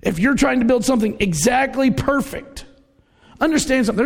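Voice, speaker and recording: A man's voice: very high voice, lively intonation, moderate pace, gravelly. A middle-aged man preaching a conversational sermon, telling everyday stories and acting out the voices in them. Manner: conversational, storytelling, acts out quoted voices. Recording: reverberant hall.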